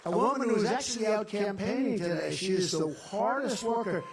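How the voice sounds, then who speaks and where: An older man with a high-pitched, brisk voice gives a rambling, boastful and repetitive victory-rally speech in a large venue, tossing in off-the-cuff asides. The recording sounds roomy, with a distant mic and a loud, cheering crowd.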